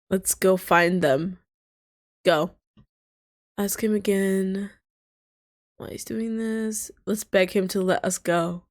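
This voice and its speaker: A woman's voice: mid-range voice, steady tone, takes it slowly, long pauses, no echo, clean studio sound. A young woman playing through a story game, reading the lines aloud and breaking off into shocked, swearing reactions. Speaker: gamer reading a visual novel aloud. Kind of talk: let's-play narration with reactions.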